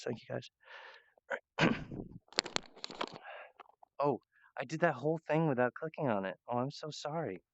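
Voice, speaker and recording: A man's voice: medium pitch, lo-fi sound, a little hiss or hum. A man talking in a rambling monologue, hesitant and full of fillers and restarts. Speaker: channel host.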